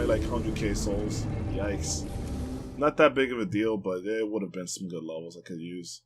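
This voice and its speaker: A young man hosting a let's play, giving rambling, excitable gameplay commentary and swearing freely. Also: lowish voice, moderate pace, background noise.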